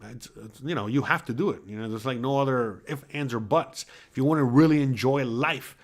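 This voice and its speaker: A man's voice: medium pitch, fairly quick. A middle-aged man from the US East Coast hosting a casual solo chat, rambling and swearing freely with lots of "you know" fillers. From East Coast of the USA. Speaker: podcast host.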